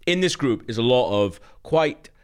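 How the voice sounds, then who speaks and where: A man's voice: mid-range voice, expressive, normal speed, clear, resonant tone. A young man co-hosting a casual comedy chat, rambling with lots of laughs and teasing asides. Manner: rambling, laughs often, stirs the pot. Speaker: podcast co-host.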